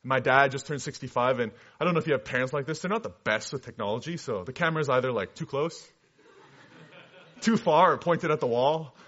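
A man's voice: medium pitch, a little fast. Earnest missionary man preaching. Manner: earnest storytelling, shifting from animated to hushed. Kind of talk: sermon testimony. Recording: dull lo-fi recording.

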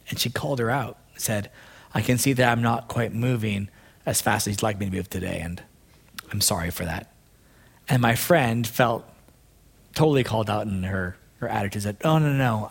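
A man preaching a sermon in a conversational, earnest way, dropping into soft low asides and rising for emphatic points. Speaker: pastor.

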